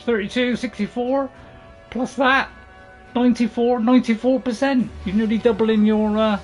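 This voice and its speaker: A man's voice: extremely high pitch, poor audio. A man giving casual gameplay commentary, rambling and correcting himself with chuckling asides. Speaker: gaming channel host.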